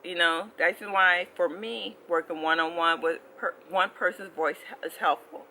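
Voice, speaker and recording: A language-learning vlogger giving a casual explanation, animated and full of restarts, who keeps asking the audience "okay?". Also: medium pitch, a little slow, vocal fry, slight background noise, poor audio. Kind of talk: casual explanatory vlog talk.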